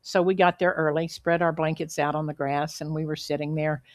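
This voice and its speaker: Earnest woman preaching in a low voice. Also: no echo. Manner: earnest, measured, with emphatic pauses. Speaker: guest speaker at a spiritual center. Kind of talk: inspirational sermon with storytelling.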